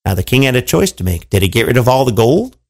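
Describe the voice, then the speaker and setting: A man telling a fairy tale to children in an animated, playful way, with asides to his listeners. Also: mid-range voice, fast, vocal fry. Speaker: storyteller. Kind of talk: children's storytelling.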